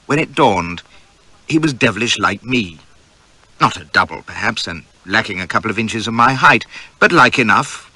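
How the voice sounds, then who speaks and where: A man's voice: fairly low pitch, bright, forceful tone, dry recording. A man reading a novel aloud in first person, with wry, vivid, swaggering storytelling. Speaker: audiobook narrator.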